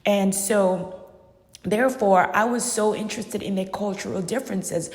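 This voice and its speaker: A woman's voice: medium pitch, moderate pace, darkish tone. Emphatic woman in an echoey room. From Uganda. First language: not English. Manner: emphatic, repeats phrases for stress. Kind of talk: personal monologue. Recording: echoey room with long reverb.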